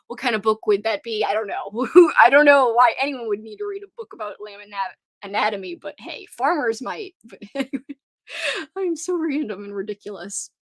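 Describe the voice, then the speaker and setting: A woman's voice: medium pitch, a little fast, few pauses, fairly bright tone, no echo, studio quality. A young woman from Louisiana with a Cajun accent, chatting casually with viewers on a livestream, rambling and giggly. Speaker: livestream host.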